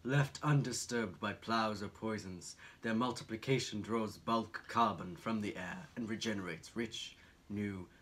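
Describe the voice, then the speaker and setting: Young guy impersonating a hushed old nature documentary narrator, deep and slow. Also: a little hiss or hum. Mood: reverent. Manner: slow, hushed, reverent delivery.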